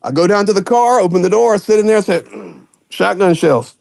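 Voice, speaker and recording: A man telling a story in a casual chat, animated and acting out what others said. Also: sits high, racing, creaky. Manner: animated, acts out voices in anecdotes. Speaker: aid volunteer telling stories.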